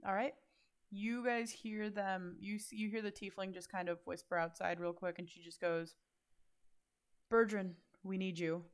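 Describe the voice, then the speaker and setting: A woman's voice: medium pitch, little pitch movement, normal speed, clean tone. A woman narrating a tabletop game as game master, describing scenes loosely with lots of fillers.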